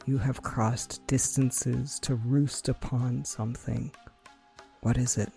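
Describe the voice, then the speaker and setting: A man playing a tabletop role-playing game who speaks in a slow, hushed way. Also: mid-range voice, fairly even intonation, creaky. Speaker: player. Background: faint music.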